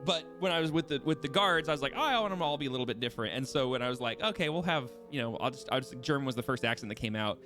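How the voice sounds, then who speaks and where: This young game master has a mid-range, slightly bright voice and speaks very fast and expressively, barely pausing. He's making casual table talk between sessions, rambling animatedly with restarts and laughing at himself. There's a music bed under the recording.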